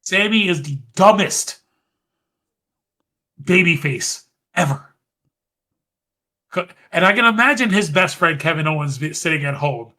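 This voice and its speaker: Male podcast host, bright, slightly high voice, animated recap. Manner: animated, fast-running recap. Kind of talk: casual chat recapping wrestling.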